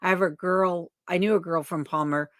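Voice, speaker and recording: A woman's voice: fairly low pitch, fairly even intonation, normal speed, no room sound, clean studio sound. A woman hosting a livestream chat who reads viewer comments aloud and greets people by name in a friendly, chatty way. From lives in Alaska. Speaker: livestream host.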